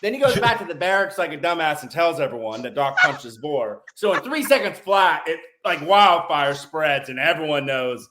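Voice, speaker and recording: A man's voice: a little high, expressive, normal speed, few pauses, noisy background. A man in his thirties, a former Navy corpsman, telling blunt, profane stories in a casual podcast chat.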